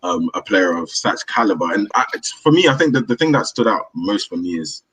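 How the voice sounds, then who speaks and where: A man with a low, husky voice hosts a casual football podcast over a remote call. He talks in an upbeat, rambling way and breaks into laughter easily. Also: big pitch swings, brisk, a bit bright, poor audio. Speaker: podcast host.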